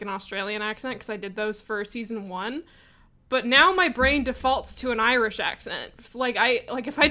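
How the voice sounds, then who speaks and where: A young podcast player, speaking in a slightly high, pushed and bright voice, puts listener questions forward in loose, casual chat. She rambles and uses plenty of fillers.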